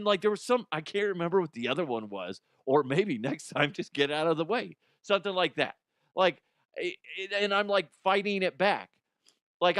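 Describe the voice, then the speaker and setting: A man's voice: fairly high pitch, a bit bright, clean tone, no echo, studio quality. A man hosting a podcast, telling stories in rambling, profane casual chat and often laughing at himself. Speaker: podcast host.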